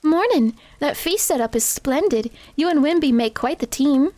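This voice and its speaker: A woman's voice: sits high, expressive, normal speed, a little mellow. A woman reading the lines of a polite, bookish young female scholar critter from a cozy game.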